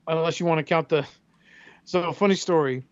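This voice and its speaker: A man co-hosting a podcast in casual chat, swearing freely and telling animated stories. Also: fairly high pitch, normal speed, clean tone, dry recording, lo-fi sound. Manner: profane, animated storyteller who acts out quotes. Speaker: podcast co-host.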